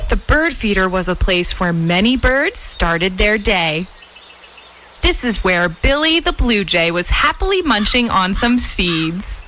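A woman narrating a children's storybook in an expressive, sing-song way. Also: mid-range voice, rough recording. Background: soft music.

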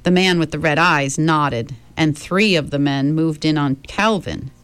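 Slow low-voiced woman reading aloud. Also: clean tone, dry recording. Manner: slow, gentle reading with chatty asides to listeners. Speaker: storyteller reading a novel aloud. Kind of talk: read-aloud book narration.

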